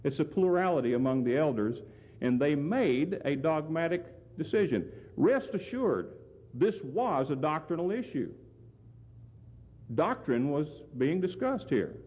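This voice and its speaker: A man's voice: on the high side, sing-song, a little slow, husky. A man preaching a sermon and explaining scripture, earnest and emphatic, often putting questions to his listeners. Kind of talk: sermon, Bible exposition. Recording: phone-like sound with long hall reverb.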